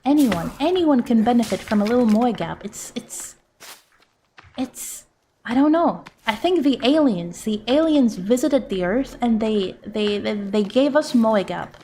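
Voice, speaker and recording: A young woman streaming live, chatting casually in an excitable, giggly, easily flustered way. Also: fairly high pitch, unhurried, slight background noise.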